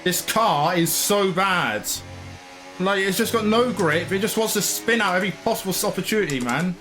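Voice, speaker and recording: A man's voice: high voice, expressive, normal speed, music in the background. A man commentating his own racing game, frustrated and ranting. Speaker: gaming channel host.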